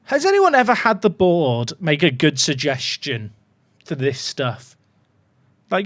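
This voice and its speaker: A man's voice: fairly high pitch, big pitch swings, measured pace, fairly bright tone, no echo. A man casually commentating on his football management game, chatty and full of joking asides to his viewers. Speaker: gaming YouTuber.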